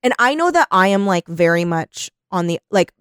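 A young woman co-hosting a podcast in casual chat, animated, swearing often and laughing a lot. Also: on the low side, moderate pace, smooth, no echo, clean studio sound. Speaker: podcast co-host.

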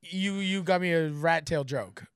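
A middle-aged man co-hosting a casual podcast chat, telling stories with lively acted-out voices. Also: a little high, unhurried, smooth, no echo, clean studio sound. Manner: animated storyteller, acts out voices loudly. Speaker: podcast co-host.

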